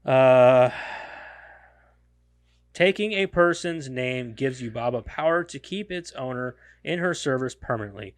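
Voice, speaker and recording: A man's voice: mid-range voice, expressive, a little slow, no room sound. A man hosting a podcast, reading a film summary aloud in a casual way, stumbling and correcting himself. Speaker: podcast host.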